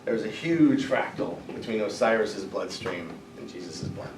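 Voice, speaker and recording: A man preaching a sermon in a church, retelling the story in a lively way and acting out the characters' voices. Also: on the low side, normal speed. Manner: animated, acts out characters with voices, laughs at jokes. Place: church sanctuary. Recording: roomy echo, voice from a distance, faint background noise.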